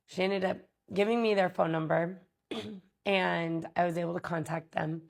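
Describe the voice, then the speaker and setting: A woman vlogger telling a personal story in a candid, halting way, with many pauses and fillers. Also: lowish voice, steady tone, vocal fry.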